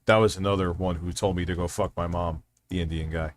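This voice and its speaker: A man's voice: sits low, fairly even intonation, fairly quick. A man hosting a casual livestream, rambling and swearing freely while reading out chat messages. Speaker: livestream host.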